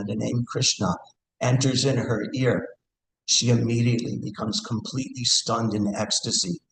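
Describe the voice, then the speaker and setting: Man, class speaker, mid pitch, earnest and searching, echoey hall with faint hiss. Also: gravelly. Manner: earnest, thinking aloud with fillers and Sanskrit verse. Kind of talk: scripture class talk. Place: temple hall.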